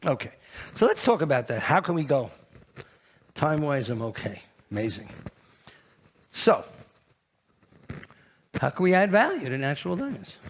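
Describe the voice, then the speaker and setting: A brash man delivers a live conference talk from the stage. His somewhat high voice leaps into loud, high bursts and then drops low again as he keeps throwing questions at the audience. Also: big pitch swings, moderate pace, pauses often. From New York. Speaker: keynote speaker at a trade fair.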